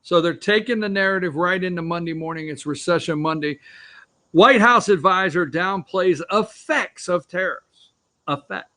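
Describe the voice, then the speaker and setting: High-pitched guy hosting a politics opinion show, sarcastic ranting, talks from his office. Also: normal speed, bright, forceful tone. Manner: ranting, sarcastic, repeats himself. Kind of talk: opinionated news commentary.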